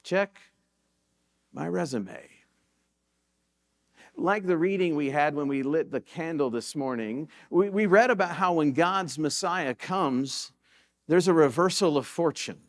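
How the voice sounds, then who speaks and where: A male pastor delivering a sermon in a church, his voice sitting a little higher than most men's. He preaches like he's chatting, weaving in stories, and circles back to repeat his main points so they land. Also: moderate pace. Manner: conversational storytelling preaching, repeats key points for emphasis. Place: church sanctuary.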